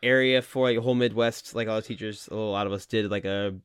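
A man's voice: fairly low pitch, steady tone, fast, smooth, no echo, clean studio sound. A man co-hosting a podcast, quizzing his friend in casual chat, laughing easily and swearing now and then. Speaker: podcast co-host.

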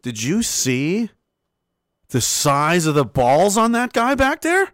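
A man hosting commentary in a sarcastic, animated way, laughing often. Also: high voice, takes it slowly, no echo, clean studio sound. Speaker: commentary host.

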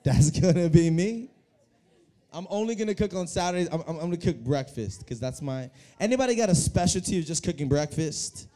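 Animated young man preaching a sermon. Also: fairly high pitch, quick pace, few pauses. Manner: animated, repeats words, talks to the congregation. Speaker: youth pastor. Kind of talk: energetic sermon. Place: church hall.

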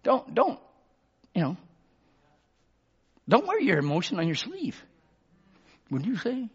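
Man, pastor, sermon, lively pitch, murmurs and shouts, calls for amens, muffled recording. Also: takes it slowly, husky. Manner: swings between low murmurs and loud shouted emphasis.

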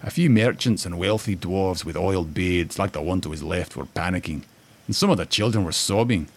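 A man narrating a fantasy story in a measured, expressive storytelling manner. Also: sits low, slight background noise. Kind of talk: audiobook-style fantasy story reading.

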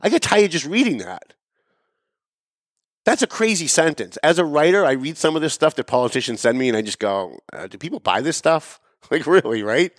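A man hosting a political commentary show, talking sarcastically and emphatically. He swings between raised, pointed emphasis and low asides. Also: big pitch swings, moderate pace, dry recording, studio quality. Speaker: show host. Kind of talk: opinionated political commentary monologue.

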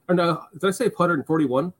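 A man hosting a casual chat show, talking loosely and swearing now and then. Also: high-pitched. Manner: casual, swears, laughs easily. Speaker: host.

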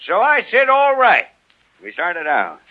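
A man's voice: sits high, huge pitch swings, unhurried, bright, forceful tone, exaggerated voice, rough recording. An actor in his fifties playing a fond, long-winded family father who tells old stories in a 1940s radio play. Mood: storytelling. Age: 50s. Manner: folksy storyteller.

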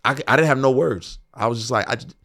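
A man hosting a podcast in casual conversation, excitable and quick to laugh. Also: mid-range voice. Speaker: podcast host.

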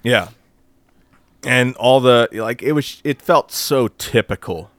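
A man co-hosting a podcast in casual chat, animated and profane, mocking others in quoted voices. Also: mid-range voice, slow pace, no room sound. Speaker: podcast co-host.

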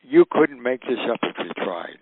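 An older man telling stories in an animated way, acting out the voices of the people in them. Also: medium pitch, moderate pace, noisy background. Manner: animated, acts out quoted voices. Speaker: guest storyteller. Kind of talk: recounting anecdotes. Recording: tinny phone-like radio line.

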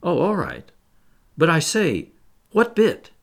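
A man's voice: a little high, huge pitch swings, takes it slowly, creaky, voice pushed up, exaggerated voice. A man reading a storybook aloud, voicing an earnest young boy who asks eager, curious questions.

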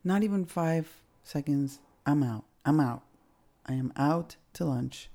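A woman's voice: deep voice, slow pace, dark tone. A middle-aged woman hosting a podcast, telling a personal story in a candid, casual way, swearing now and then. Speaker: podcast host.

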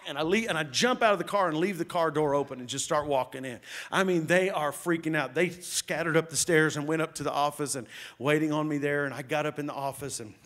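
A male pastor preaches a sermon in a slightly high voice. He tells stories with energy and raises his voice when he acts out what people said. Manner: storytelling, acts out quotes with rising pitch and loudness.

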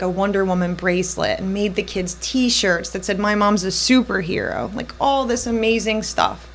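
A woman in her thirties telling her personal story as a podcast guest, jumping around between moments and quoting the people involved. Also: mid-range voice. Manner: tells her story in quick, looping bursts, voicing others in her quotes.

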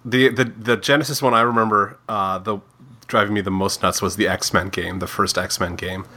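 A man's voice: fairly low pitch, steady tone, normal speed, sharp tone. A man in casual chat among friends, blunt, sardonic and sweary.

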